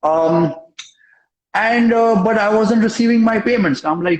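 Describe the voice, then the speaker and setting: A young man with a slightly higher voice recounts events in a casual interview, punching his lines with emphasis and voicing the people in his story. His voice carries a noticeable echo from the room around him. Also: unhurried. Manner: animated, emphatic storyteller who acts out dialogue and tags lines with "okay?". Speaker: interview guest. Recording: echoey room.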